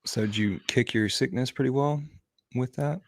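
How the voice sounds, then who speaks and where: A man's voice: mid-range voice, normal speed, no echo. A man hosting a casual livestream chat, welcoming guests and viewers by name and asking easygoing questions. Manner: friendly, greets viewers by name. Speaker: host.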